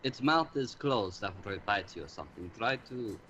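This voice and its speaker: A man's voice: lowish voice, lively intonation, normal speed, a bit bright, a little hiss or hum. A man playing a tabletop game, talking in a dry, understated way. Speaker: player. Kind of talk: casual tabletop chat.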